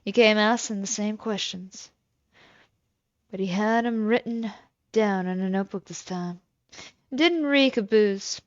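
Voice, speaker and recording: A woman voicing a sharp-tongued young housewife who speaks low and curt in a game. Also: a little slow, pauses often, no echo, lo-fi sound, lightly acted. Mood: brooding.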